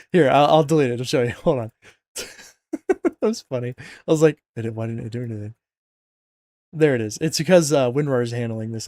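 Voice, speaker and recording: A man's voice: medium pitch, a little mellow, no room sound. Casual rambling man, dry close voice. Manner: rambling, informal, jokey with filler and self-corrections. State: yawning, sleepy. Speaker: mod install tutorial narrator. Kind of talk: casual screen-recorded tutorial.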